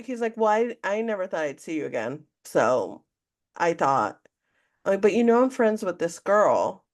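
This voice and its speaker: A woman's voice: fairly low pitch, normal speed. Woman telling a candid story. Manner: candid, animated storytelling, acts out quotes. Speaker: podcast co-host. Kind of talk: casual storytelling chat.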